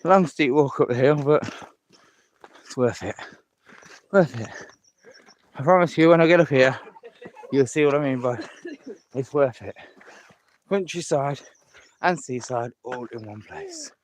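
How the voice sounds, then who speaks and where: A man's voice: mid-range voice, very animated, unhurried, long pauses, slight background noise. A man on a live walking vlog, chatty and enthusiastic, out of breath as he climbs a hill path outdoors, filmed on a handheld phone. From England. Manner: chatty, repeats himself, enthusiastic about scenery. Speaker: vlogger.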